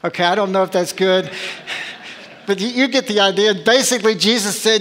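A pastor delivers a sermon with emphatic, searching rhetorical questions. His voice sits high for a man. A long reverb trails every phrase, as in a large church sanctuary. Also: fairly quick, a bit bright.

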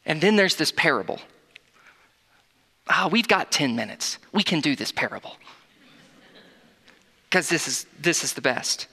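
A man's voice: fairly high pitch, measured pace, creaky, pauses often, husky. Earnest preacher man in a reverberant hall. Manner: earnest, animated, often repeats words when restarting. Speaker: pastor. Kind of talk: sermon.

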